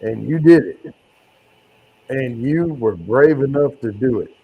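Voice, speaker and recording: A man's voice: medium pitch, expressive, slow, phone-quality sound, slight background noise. A man hosting a casual livestream chat, joking and teasing his guests. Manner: teasing, joking, loose and crude. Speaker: host.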